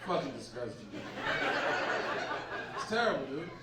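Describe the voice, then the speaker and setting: A man's voice: on the high side, very animated, a little slow, heavy background noise. A man from doing a brash, profane stand-up set on a comedy club stage. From Boston. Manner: brash, profane, loud punchlines. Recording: echoey club, distant mic, crowd laughter. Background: audience laughter.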